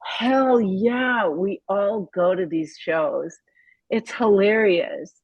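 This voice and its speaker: In her fifties, this woman is a guest musician in a laid-back interview, sharing frank, profane stories full of emotion. Her mid-range voice draws out words and sounds slightly rough, in a dry recording with the highs cut off.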